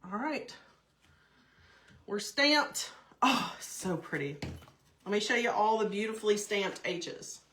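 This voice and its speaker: A woman's voice: medium pitch, expressive, slow pace, pauses often, a bit bright, slight background noise. Lady doing a live craft demo, chatty and gushy, says hi to folks by name. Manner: gushing, chatty, greets viewers by name. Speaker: craft host. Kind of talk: live-stream craft demonstration.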